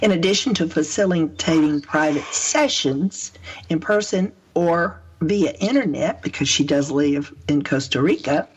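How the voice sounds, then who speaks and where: A radio host, her voice husky and worn down by pollen. She speaks slowly in a fairly low register and chats effusively, stretching words for emphasis. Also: poor audio. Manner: chatty and effusive, with drawn-out emphasis. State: voice lowered and husky from pollen allergy. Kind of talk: casual hosting chat.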